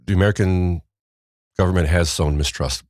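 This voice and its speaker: Deep-voiced wry podcast host. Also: male voice, fairly even intonation, normal speed, a little mellow, dry recording, studio quality. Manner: rambling, wry, trails off mid-sentence. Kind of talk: casual news chat.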